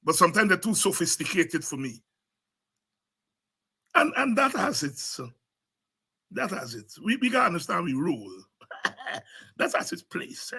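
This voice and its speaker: A husky-voiced man with a Guyanese Creole accent hosts a political show and preaches his points with fire and repetition. His voice sits high and sounds piercingly bright and tense. He drifts in and out of Creole as he talks. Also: wildly swooping pitch, measured pace, pauses often. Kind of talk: impassioned political commentary.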